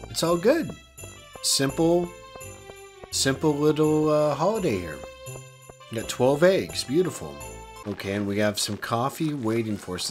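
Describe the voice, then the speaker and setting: A man giving casual, upbeat commentary as he plays, chatty and self-deprecating, his voice a little worn. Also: medium pitch. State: losing his voice. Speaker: let's play host. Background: faint game music.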